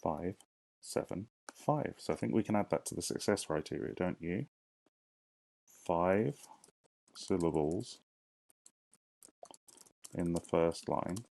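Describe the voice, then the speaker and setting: A man teaching young children in a recorded online lesson. He speaks slowly, asks questions and counts syllables aloud. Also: low voice, creaky, warm tone. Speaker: primary school teacher.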